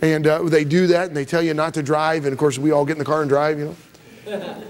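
A man preaching a sermon as pastor, emphatic and repetitive, swinging from loud rises to soft drops. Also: on the high side, little pitch movement, a little fast. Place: church sanctuary.

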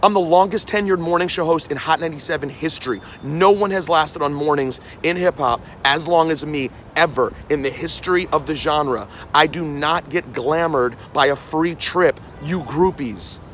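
Scolding passersby in a heated street rant to camera, this forties-aged radio host from New City, New York City, repeats lines for emphasis. He speaks at a moderate pace with hardly any pauses, in a slightly high, fairly bright voice over slight background noise.

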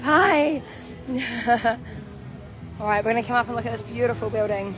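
A young woman with a New Zealand accent talks brightly to her phone as she walks through an outdoor camp, laughing often. Her voice sits a bit high. Loud music plays clearly behind her. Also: moderate pace. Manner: bubbly, chatty, laughs often. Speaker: vlogger. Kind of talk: walking livestream vlog. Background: music playing nearby.

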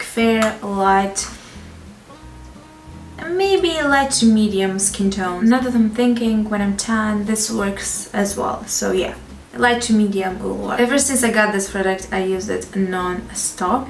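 A woman with a French accent talks through her makeup picks in a frank, chatty way, often breaking into little laughs. Her voice sounds roomy and a bit distant from the mic. Faint music plays underneath. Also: medium pitch. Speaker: beauty vlogger. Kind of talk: casual product review.

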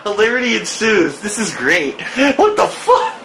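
A man streaming a video game, shouting in disbelief and laughing loudly as he comments. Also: sits high, huge pitch swings, measured pace, gravelly, a little hiss or hum, low-quality recording. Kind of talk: live gameplay commentary.

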